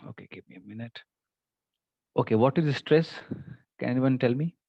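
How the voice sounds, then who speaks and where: A man's voice: mid-range voice, normal speed, creaky, no room sound, lo-fi sound. A man teaching an online English class, explaining patiently with many fillers. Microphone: computer mic on video call.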